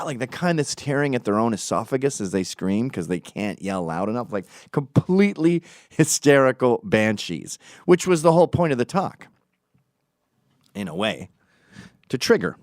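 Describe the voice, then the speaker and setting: Male podcast host, mocking profane storyteller, deep voice that bounces around a lot. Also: no room sound, clean studio sound. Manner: animated, mocking, profane, acts out quotes. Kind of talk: casual storytelling monologue.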